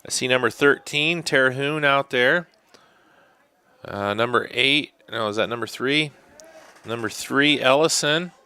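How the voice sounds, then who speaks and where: Unhurried bright-voiced male sports commentator. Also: mid-range voice, clean tone. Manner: unhurried, drops to a hushed whisper during tense kicks. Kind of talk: live high school soccer commentary.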